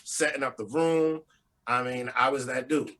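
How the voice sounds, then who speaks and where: A middle-aged man, a former studio engineer, explaining his work in a relaxed, slangy way. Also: medium pitch, normal speed. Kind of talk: casual interview storytelling.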